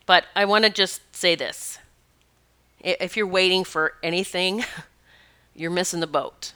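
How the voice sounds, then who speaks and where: Her pace measured and her voice smooth and fairly low, a spiritual teacher tells stories in a casual monologue. She speaks with animation and emphasis and laughs frequently.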